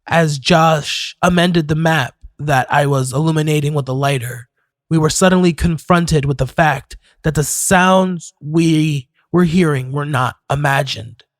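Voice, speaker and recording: A man narrating a horror story in a measured, scripted storytelling manner. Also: a little high, no room sound, studio quality. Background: faint music.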